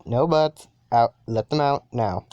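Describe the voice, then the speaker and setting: A man's voice: mid-range voice, a little slow, darkish tone, no room sound, lo-fi sound, lightly acted. A man voicing an earnest young hero boy, small and determined, in a slightly raised, pleading tone. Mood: firm.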